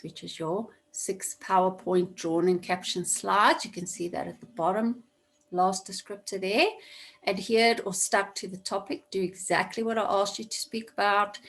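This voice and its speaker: Woman, teacher, gravelly edge, online lesson, computer mic, repeats key points. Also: lowish voice, steady tone, measured pace. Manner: instructive, repeats points for emphasis. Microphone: computer mic on video call.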